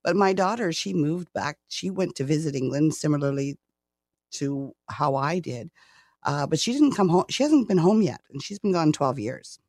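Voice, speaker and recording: A woman's voice: deep voice, expressive, moderate pace, a little mellow, no echo, clean studio sound. Chatty Canadian woman in her sixties, laughing. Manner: chatty, laughs often, repeats words when starting. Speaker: interview guest. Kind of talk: casual conversation.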